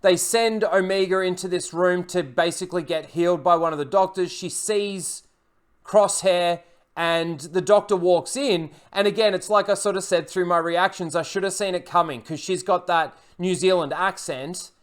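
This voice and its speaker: A man's voice: high voice, steady tone, normal speed, smooth. A man recapping and reviewing a TV episode in a casual, rambling way, full of fillers and blunt, profane criticism.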